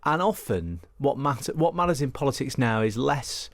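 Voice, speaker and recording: Guy from northwest england on a radio panel, talks fast, trips over himself and restarts, dry studio sound. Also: mid-range voice, no echo. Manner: quick, animated, with restarts and repeated words. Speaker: political journalist, studio guest. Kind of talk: radio political discussion. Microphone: studio microphone.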